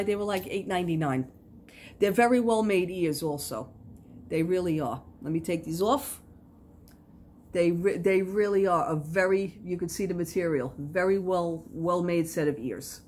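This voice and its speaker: In a casual vlog about crafting, a middle-aged woman with a voice on the low side tells animated, rambling stories to the camera, leaning heavily on fillers. There's slight background noise.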